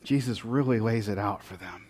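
A man preaching a sermon in an animated, joking way, swinging from loud punchy lines to very quiet ones. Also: lowish voice, normal speed, in a large hall. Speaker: pastor.

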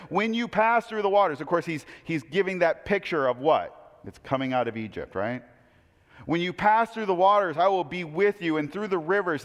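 A man preaching a conversational sermon, casual and wry, with asides and self-corrections. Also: a little high. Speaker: preacher teaching a Bible class. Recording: reverberant hall.

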